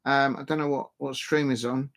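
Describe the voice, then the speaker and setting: A man streaming a football watch-along, chatting casually and bursting into excited shouts at the match. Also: mid-range voice, moderate pace. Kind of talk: casual live commentary.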